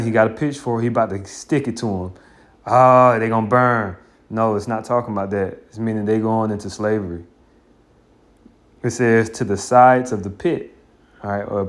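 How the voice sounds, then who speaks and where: Blunt colloquial male Bible teacher. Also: lowish voice. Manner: blunt, colloquial, scornful asides. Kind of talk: informal scripture commentary.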